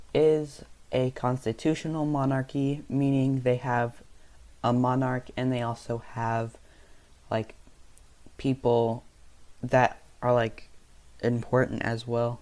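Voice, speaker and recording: A young man casually narrating over a map, loose and unscripted, with frequent ums and quick self-corrections. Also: mid-range voice, a little mellow. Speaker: map video creator.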